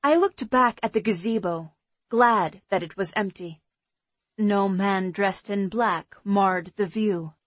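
A woman narrating a first-person audiobook in an even, measured reading. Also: mid-range voice, no room sound.

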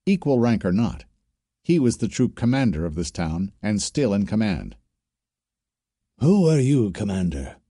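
A man narrating a science-fiction story as an audiobook, telling it steadily with expressive shifts. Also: lowish voice, normal speed, dry recording, studio quality.

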